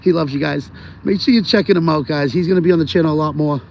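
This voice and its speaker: A man's voice: on the high side, fast, gravelly, a little mellow. A man streaming live from his phone while walking his dog outdoors, rambling casually and talking straight to his viewers. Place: outdoors on a rainy city street. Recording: dull phone audio with street noise.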